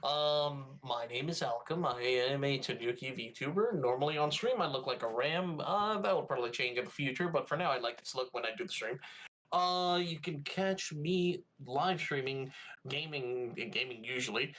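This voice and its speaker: A man's voice: medium pitch, moderate pace, a bit bright, a little hiss or hum. A man co-hosting a casual gaming podcast, talking loosely and rambling with lots of "uh"s while he has the hiccups. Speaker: podcast co-host and VTuber streamer. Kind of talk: casual chat.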